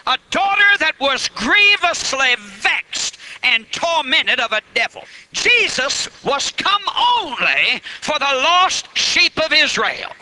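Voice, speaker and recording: A man's voice: very high voice, sing-song, slow, few pauses, bright, forceful tone, slight background noise, rough recording. A man preaching a live revival sermon at a church meeting, fiery and emphatic, stretching key words out.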